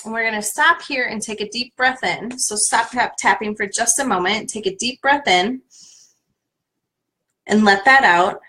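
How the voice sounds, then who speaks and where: Woman coach, bright voice, leads a tapping exercise and repeats a name for listeners to echo. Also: fairly high pitch, normal speed. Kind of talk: guided tapping exercise on a live stream.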